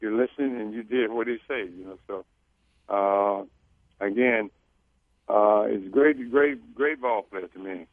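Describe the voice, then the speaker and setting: A man, a former teammate, speaking as a guest on a phone-in radio interview in a halting, reflective way that repeats words. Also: fairly low pitch, dry recording. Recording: tinny phone line.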